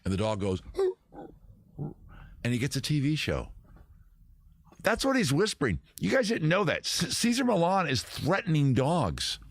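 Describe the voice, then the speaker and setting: A man hosting a casual live stream, rambling and joking at a close tabletop boom mic. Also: wildly swooping pitch, moderate pace, creaky, no echo. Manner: rambling, jokey, self-interrupting. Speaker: host.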